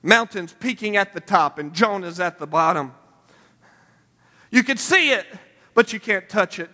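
A man preaching a sermon in a church, building from quiet reflection to shouted, pleading prayer. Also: sits high, expressive, measured pace, long pauses, in a large hall. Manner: impassioned, rising to shouted pleading.

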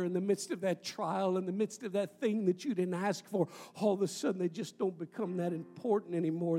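A man pastor preaching a sermon to his congregation in a church, his delivery swelling loud and falling to near whispers. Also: sits high, husky. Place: church sanctuary. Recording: roomy hall with long reverb.

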